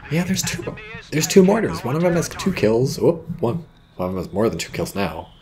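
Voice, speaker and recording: Man, gravelly, game commentary, dry and rambling, hiccuping. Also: mid-range voice, big pitch swings, moderate pace, a little mellow, slight background noise. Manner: dry, rambling, reads chat aloud. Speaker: game caster.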